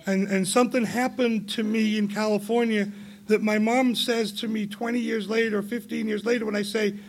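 A man's voice: sits high, little pitch movement, normal speed, creaky, a little hiss or hum. A man in his forties from England, telling his personal recovery story to a meeting in a candid, rambling way, laughing often and swinging into emphatic outbursts.

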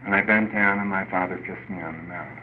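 An older man speaking at a recovery meeting, telling a personal story in an earnest, halting way with many restarts. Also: low voice, steady tone. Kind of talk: personal testimony. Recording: dull lo-fi recording with faint noise.

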